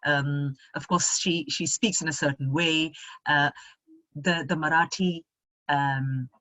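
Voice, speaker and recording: A woman's voice: sits low, steady tone, takes it slowly, pushed and bright, dry recording. A middle-aged woman chatting as an interview guest over a video call, reflective and thinking aloud as she talks. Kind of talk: casual conversational interview.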